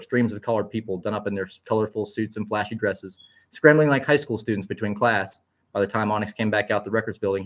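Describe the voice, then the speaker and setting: Fast-reading low-voiced male storyteller. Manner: quick, vivid, occasional slips and restarts. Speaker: narrator. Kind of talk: expressive story narration.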